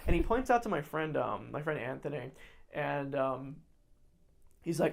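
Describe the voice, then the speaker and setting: A young woman co-hosting a podcast, telling a story in casual chat, animated and acting out other people's lines, with many fillers and restarts. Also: low voice, a little slow, creaky. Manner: animated, acts out quoted voices loudly. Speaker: podcast co-host.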